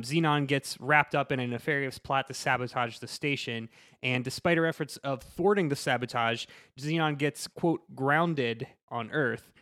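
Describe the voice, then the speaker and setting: A man's voice: medium pitch, fairly bright tone, no echo, clean studio sound. A man on a podcast panel, recapping a movie in casual chat with fillers and laughs.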